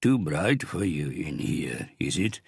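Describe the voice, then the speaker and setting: Audiobook villain: a man doing a big crime boss, slow, booming and mocking, gravelly and deep. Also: big pitch swings, dry recording, clean studio sound, heavily acted. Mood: mocking menace. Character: huge menacing crime boss, theatrical.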